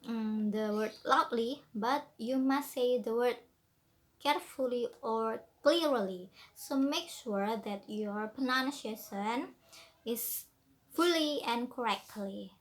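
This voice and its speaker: A woman with an Indonesian accent giving an explanatory lesson as a presenter, slow and deliberate with frequent fillers. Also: on the high side.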